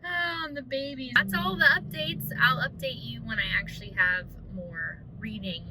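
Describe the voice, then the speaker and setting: A young woman vlogs in a candid, rambling way, dropping swear words and plenty of fillers. Her voice sits fairly high. Steady noise runs behind her. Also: moderate pace. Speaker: vlogger. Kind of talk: casual chat. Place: home at night.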